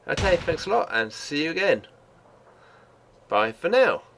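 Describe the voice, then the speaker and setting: An older man hosting his own gaming channel, giving casual commentary while he plays at his home computer, chatty and quick to laugh. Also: on the high side, big pitch swings, vocal fry, noisy background. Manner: chatty and laughs easily, gets loud and sweary in action.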